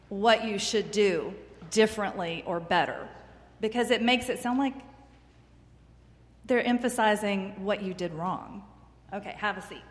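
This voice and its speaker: A woman teaching a class of children, gentle and encouraging, asking them questions as she goes. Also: on the high side. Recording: echoey room, faint background noise.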